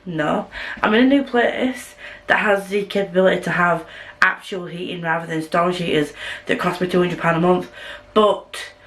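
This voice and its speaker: A woman with a Yorkshire accent talks casually to her camera at home, rambling from one thought to the next. She drops self-mocking asides as she goes, and her voice sits a little low for a woman. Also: vocal fry, poor audio. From Northern England. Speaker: vlogger. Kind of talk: casual chat.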